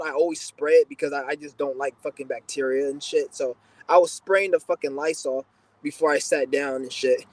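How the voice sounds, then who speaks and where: A young man with a slightly high voice rants bluntly through a casual livestream chat. He tells rambling, profane stories and stumbles over his words as he restarts. The sound is dry and close, with no room echo. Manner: stammering restarts. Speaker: livestream host answering questions.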